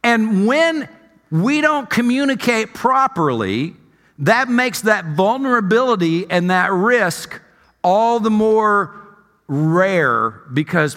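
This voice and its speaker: A male pastor preaching in a high, bright voice, animated and conversational as he tells a story. His words ring on in the long reverb of a church sanctuary. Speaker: senior pastor. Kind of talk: sermon.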